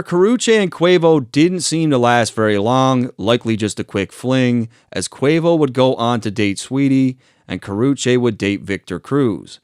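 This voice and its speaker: A man talks through a commentary video in a relaxed, conversational voice, dropping the odd swear word. His voice sits at an ordinary middle pitch. The sound is close and dry, with no room echo. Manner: conversational, swearing, reads quotes aloud. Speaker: commentary channel host. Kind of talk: casual commentary narration.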